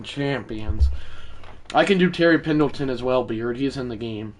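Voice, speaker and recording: A man streaming a baseball video game live, talking to his chat between pitches and breaking into mock play-by-play calls. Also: moderate pace, a little hiss or hum. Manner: mock play-by-play announcing, excitable; chatty asides to viewers.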